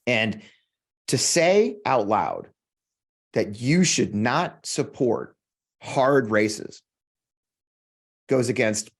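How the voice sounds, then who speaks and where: A man's voice: mid-range voice, sing-song, drawn-out words, long pauses. An American man hosting a podcast, in a heated political monologue, swearing often and repeating lines for emphasis. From United States. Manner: emphatic, preacherly build-ups. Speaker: podcast host.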